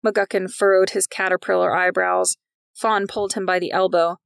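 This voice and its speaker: A woman's voice: lowish voice, little pitch movement, normal speed, vocal fry, smooth, dry recording, clean studio sound. A woman narrating a fiction podcast in a wry storytelling manner.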